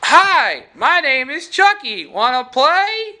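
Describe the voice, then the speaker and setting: A shrill, menacing killer doll squeals out threats in a high, piercing voice, as a man puts it on while retelling a movie. The sound is bright and forceful. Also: big pitch swings, slow, heavily acted. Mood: shrill menace.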